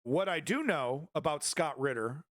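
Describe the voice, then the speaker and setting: A man's voice: fairly high pitch, animated, normal speed, fairly bright tone, no room sound, clean studio sound. A man streaming casual commentary on news footage, rambling with many fillers and restarts and a sardonic edge.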